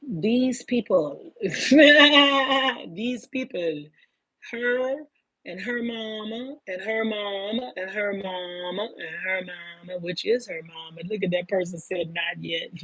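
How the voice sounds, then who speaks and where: Woman in her fifties, husky low voice, swears a lot and keeps saying baby, dry sound. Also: fairly even intonation, measured pace, fairly bright tone, no room sound. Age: 50s. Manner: profane, emphatic, calls listeners baby. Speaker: spiritual talk host. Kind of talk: casual spiritual monologue.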